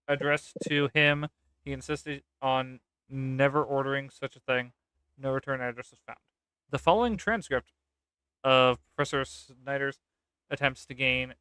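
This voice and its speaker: A gaming content creator with a medium-pitched, sharp voice reads a document aloud, laughing at it, throwing in sarcastic, casual remarks and the odd swear word. The sound is clean, studio quality, with no room noise.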